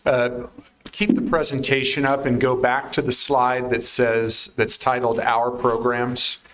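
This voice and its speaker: Male supervisor at a public meeting, clear resonant voice, measured and procedural. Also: mid-range voice, level tone, fairly bright tone. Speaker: county supervisor. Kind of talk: formal remarks at a public meeting.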